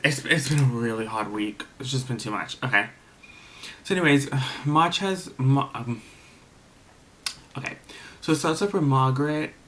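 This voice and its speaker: Male vlogger, tired late-night recap, low voice, chatty and rambling, faint hiss. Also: a bit bright. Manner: rambling, gossipy, many fillers. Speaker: TV episode reviewer. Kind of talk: casual recap vlog.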